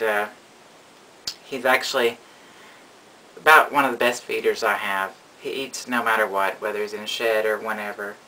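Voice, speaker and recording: A man's voice: mid-range voice, sharp tone, a little hiss or hum, rough recording. A man narrating a casual vlog about his pet reptiles, rambling and affectionate, cooing at his animals. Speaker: reptile keeper.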